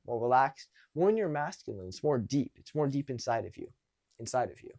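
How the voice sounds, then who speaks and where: A young man giving casual dating advice, animated and swearing freely. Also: medium pitch, brisk, dry recording, studio quality. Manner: animated, acts out quoted exchanges, swears casually. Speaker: dating coach.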